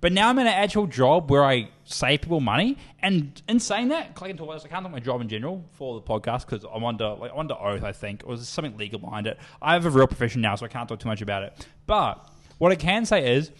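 A man's voice: medium pitch, fast talker. A young man co-hosting a podcast, telling stories in casual chat with lots of swearing and acted-out phone calls. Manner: animated, swearing storyteller who acts out phone calls. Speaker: podcast co-host.

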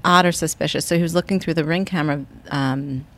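A woman with a fairly low voice co-hosts a casual podcast. She reacts quickly and laughs often. She keeps cutting in with short agreeing remarks. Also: fairly even intonation, a bit bright. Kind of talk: casual chat.

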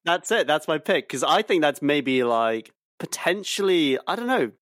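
A man's voice: a little high, lively intonation, moderate pace, fairly bright tone, no room sound, clean studio sound. Playful podcast co-host, man. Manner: playful, does film impressions. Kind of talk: casual chat.

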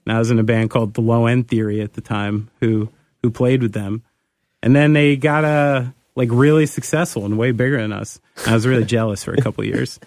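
A man from New Jersey hosting a podcast in casual, excitable chat, loose and full of fillers. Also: medium pitch, fairly quick, no room sound, studio quality. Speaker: podcast host.

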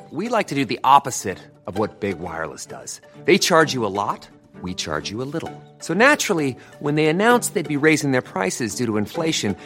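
A man delivers a comedic ad read with wry, punchy timing, his pitch swinging wildly from low to high. Faint music runs under his voice. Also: fairly bright tone. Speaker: ad spokesman.

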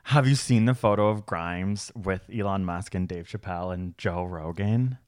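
A man's voice: sits low, normal speed, no room sound. A man co-hosting a podcast in casual chat, ranting animatedly with jokey asides. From Canada. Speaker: podcast co-host.

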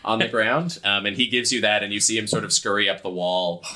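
A man's voice: fairly low pitch, steady tone, bright, forceful tone, low-quality recording. A man narrating as game master of a tabletop role-playing game, talking casually with many fillers. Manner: casual, halting, full of fillers.

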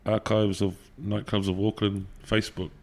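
A man's voice: fairly low pitch, flat delivery, moderate pace, darkish tone. A middle-aged man with a New Zealand accent, a guest telling stories in a casual interview, swearing freely and laughing often. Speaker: podcast guest, musician.

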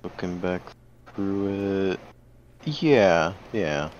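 Deep laid-back guy on a podcast, muffled lo-fi mic. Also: expressive, drawn-out words, a little mellow, slight background noise. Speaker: podcast co-host. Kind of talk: casual chat.

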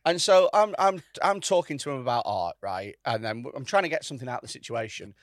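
A man's voice: mid-range voice, fast talker, dry recording, studio quality. A man on a podcast, telling a story in casual chat. He swears a lot and acts out the other people's lines. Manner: animated, swears often, acts out quotes. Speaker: podcast host.

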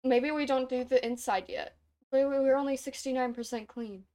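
Animated, laughing woman co-host. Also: high-pitched, moderate pace. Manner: animated storytelling, laughing often. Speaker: podcast co-host. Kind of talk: casual chat while playing a video game.

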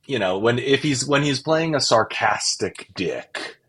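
A man's voice: mid-range voice, animated, measured pace, a bit bright, slightly rough. A man chatting as a podcast guest, casual and hesitant, and reading a lead role in a comedic script read-through. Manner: casual, hesitant, lots of fillers when chatting.

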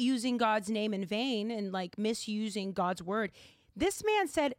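A woman's voice: medium pitch, lively intonation, slow, dry recording, clean studio sound. A young woman hosting a podcast, chatty and giggly, filling her talk with "like". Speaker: podcast host. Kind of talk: casual chat.

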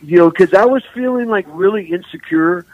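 An older man from San Francisco, a musician guest, telling rambling, animated stories full of "man" and "you know.". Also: high-pitched, a little fast, no echo, muffled recording. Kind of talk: casual storytelling interview.

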